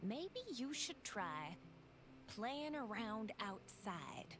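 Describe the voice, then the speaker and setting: An actress voicing a sweet, motherly grown woman in a video game, speaking in a slow Southern drawl. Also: medium pitch, sing-song, loud music behind the voice. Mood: folksy, sweet.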